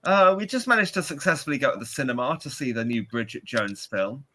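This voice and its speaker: A man's voice: mid-range voice, big pitch swings, fairly quick, bright, forceful tone. A British man in his forties co-hosting a podcast, telling rambling, self-mocking stories in casual chat. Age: 40s. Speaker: podcast co-host.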